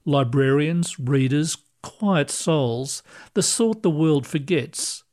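A man voicing a kindly older male ghost who explains things patiently and gently. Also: fairly high pitch, lively intonation, slow.

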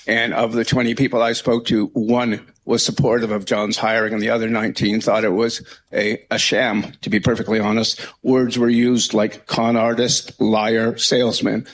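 A man, a newspaper columnist, asking a pointed, deliberate question at a press conference. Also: fairly low pitch, flat delivery, poor audio.

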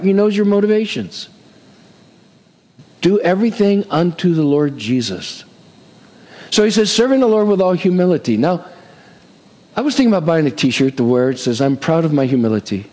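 A man's voice: fairly high pitch, darkish tone, long reverb tail. A middle-aged man preaching a sermon as pastor, chatty, with frequent "amen?" asides and playful humor. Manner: acts out quoted voices, self-deprecating humor.

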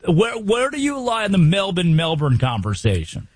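A young man from the United States runs a sports talk show, firing off emphatic rhetorical questions. His voice sits a little high and sounds husky. The recording is close and dry. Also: huge pitch swings, moderate pace, no echo. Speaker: sports radio host.

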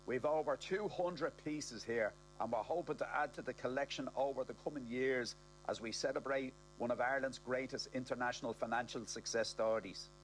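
A man's voice: mid-range voice, fairly quick, a little hiss or hum, close to an everyday voice, low-quality recording. A man voicing a brash young man with a Dublin accent, giving a proud speech.

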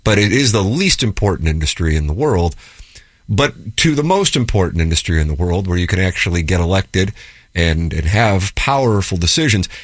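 A man's voice: fairly low pitch, no room sound, clean studio sound. A man hosting a sports talk radio show with a wry manner, reading listener texts aloud and riffing on them.

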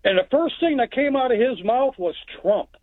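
A man's voice: very high-pitched, expressive, normal speed, dry recording. A man calling in from Texas, telling a story in a plainspoken, rambling way. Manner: plainspoken, rambling narration with restarts. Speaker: caller. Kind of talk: phone-in storytelling. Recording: tinny phone line.

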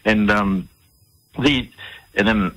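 A man's voice: on the low side, slow pace, fairly bright tone, low-quality recording. An Australian man telling stories in a conversational interview as the guest, acting out the dialogue and often repeating words while he searches for them.

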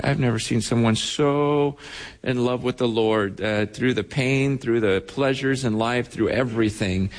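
A male pastor preaching a sermon through stories, fervent and halting, acting out the voices of the people he quotes. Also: mid-range voice. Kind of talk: sermon storytelling. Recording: long hall reverb.

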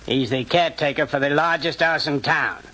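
Man doing a terse pickpocket, bright edgy tone, old radio play. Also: fairly high pitch, moderate pace, rough recording. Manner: terse, matter-of-fact. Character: cool, unsmiling male pickpocket. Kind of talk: old-time radio drama.

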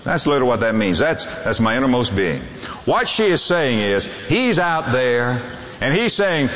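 Preaching man in an echoing hall. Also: normal speed. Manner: expressive preaching with sweeping pitch, reading scripture aloud. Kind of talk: sermon. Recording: long hall reverb.

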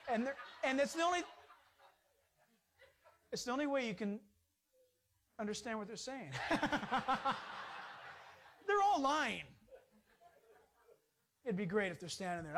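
A middle-aged man preaching a sermon as pastor, animated and emphatic, with rising emphasis. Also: high-pitched.

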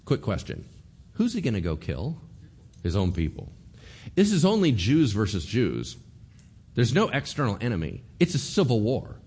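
A man preaching a sermon as pastor, animated, acting out voices and asking rhetorical questions. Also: low-pitched, measured pace.

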